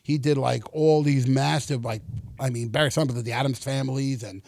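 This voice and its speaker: A middle-aged actor telling stories in a casual interview, animated, acting out the dialogue and swearing freely. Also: male voice, medium pitch, fairly quick, creaky, no echo.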